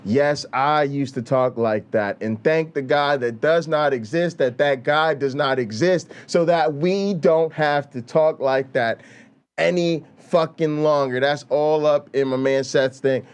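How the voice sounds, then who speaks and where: A man hosting a reaction show, loud and mocking, with profane, hyped-up commentary. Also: mid-range voice, unhurried, clear, resonant tone. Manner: loud, hype, mocking, swears constantly. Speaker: reaction channel host.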